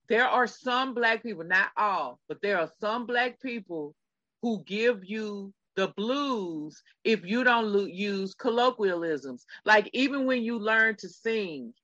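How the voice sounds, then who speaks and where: A woman's voice: mid-range voice, lively intonation, measured pace, sharp tone, no echo, dull audio. A middle-aged woman co-hosting a podcast in casual chat, emphatic and talking straight to her listeners. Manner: emphatic, addresses listeners directly. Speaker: podcast co-host.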